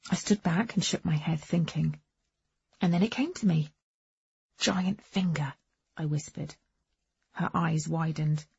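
A woman narrates a first-person novel in a wry, understated way. Her voice is low, mellow and husky, with some gravel in it. It is recorded close and dry, and the sound is dull. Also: a little slow, no room sound. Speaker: audiobook narrator.

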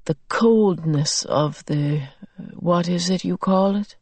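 Woman voicing a gentle tentacled alien beast. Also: lowish voice, dry recording. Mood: soothing. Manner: slow, careful, searching for words.

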